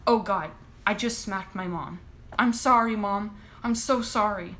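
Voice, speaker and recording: A woman's voice: mid-range voice, measured pace, a little hiss or hum, close to an everyday voice. A woman voicing a frantic, defiant teenage girl. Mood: horrified. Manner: pleading and shouting.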